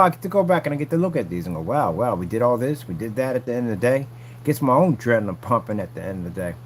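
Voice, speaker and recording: Man hosting a vlog, rambly and repetitive, slangy, lively swinging pitch, faint hum behind. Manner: animated, repetitive, talks straight to viewers, frequent slang. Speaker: channel host showing his screen technology. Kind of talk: casual rambling vlog monologue.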